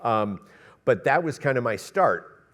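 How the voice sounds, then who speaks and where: A middle-aged man, a cinematographer, telling stories on an expo stage with lively quoted voices and laughter. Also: mid-range voice, measured pace. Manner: animated storyteller, acts out quotes, laughs often. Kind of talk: storytelling on a panel. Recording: reverberant expo hall.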